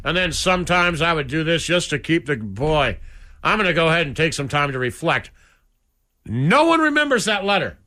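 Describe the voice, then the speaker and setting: Bright-voiced emphatic male radio host. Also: fairly high pitch, sing-song, moderate pace. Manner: emphatic, opinionated. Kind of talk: casual radio banter.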